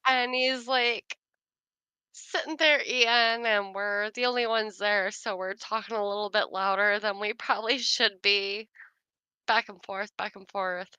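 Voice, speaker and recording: A woman's voice: medium pitch, steady tone, unhurried, pushed and bright, clear, resonant tone, no echo. A young woman casually telling a funny work story to her sister, laughing often and saying "like" a lot. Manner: chatty, many fillers like "like". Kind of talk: casual chat.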